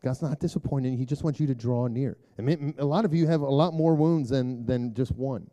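A middle-aged man giving a rambling, conversational sermon talk to a church group, full of filler words and throat clearing. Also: fairly quick. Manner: turns hushed and low for prayer. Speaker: speaker addressing a church group.

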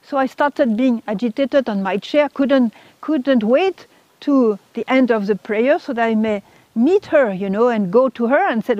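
A middle-aged woman gives an emotional personal testimony, stumbling and repeating words as she goes. Her voice sits a little high. The recording is dry and dull, with a lo-fi sound. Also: a little mellow, no room sound. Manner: halting, repeats words, voice rises when quoting others. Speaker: speaker giving a testimony.

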